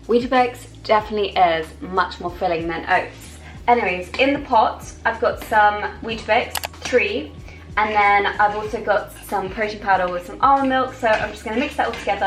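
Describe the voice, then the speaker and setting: A young woman in her twenties talks through her week in a casual vlog. She sounds chatty and upbeat and speaks straight to her viewers, with faint music playing beneath her voice. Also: mid-range voice. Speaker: vlogger, radiographer.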